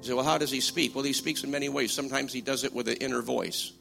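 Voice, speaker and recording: A man preaching a sermon, swinging from hushed, slow passages to loud, emphatic ones. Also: medium pitch, fairly even intonation, gravelly. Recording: music playing behind voice.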